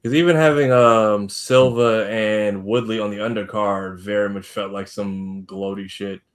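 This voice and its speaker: A man's voice: on the low side, steady tone, measured pace. A man on a podcast panel, chatting casually with blunt, wry remarks. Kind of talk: casual chat.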